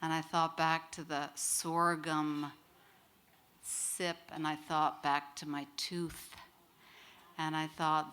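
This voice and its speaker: A middle-aged woman telling a personal story live to an audience, in a lively, wry way, acting out quoted voices. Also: deep voice, a little slow, a little hiss or hum.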